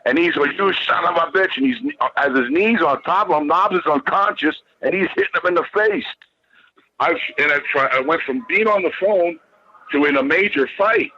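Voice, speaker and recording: A podcast guest, a man, tells a long story in an animated, profane, rambling, and emphatic way. His fairly high voice is pushed and bright at a moderate pace, and the recording sounds dull, lo-fi, and dry.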